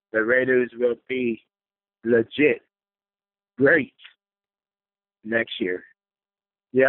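A man's voice: medium pitch, no room sound. Male caller, enraged fan rant, heavy swearing; thin phone-line sound, dead dry. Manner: furious, swearing, venting.

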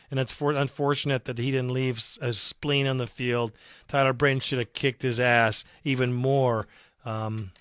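Fired-up, hoarse podcast host. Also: male voice, mid-range voice, sharp tone, no room sound, studio quality. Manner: emotional, fired up, profane. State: voice worn out. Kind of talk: impassioned fan podcast rant.

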